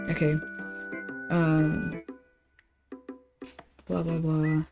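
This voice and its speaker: A woman's voice: low-pitched, a little slow, vocal fry, pauses often. A young woman streamer chatting casually on a study stream, swearing freely as she tells a story and reads messages aloud. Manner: swearing, animated storytelling, reading emails aloud. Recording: faint background music. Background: soft guitar game music.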